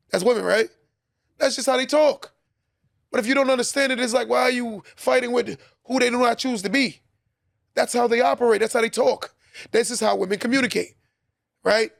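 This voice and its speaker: Gravelly high-voiced man giving relationship advice. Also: dry recording, clean studio sound. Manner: preachy, repeats points for emphasis. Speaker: podcast host. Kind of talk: advice talk to listeners.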